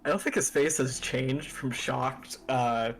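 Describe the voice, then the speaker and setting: Brief: male player, mid-pitched and relaxed, laid-back table talk. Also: a little slow, a little hiss or hum. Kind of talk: casual tabletop chat.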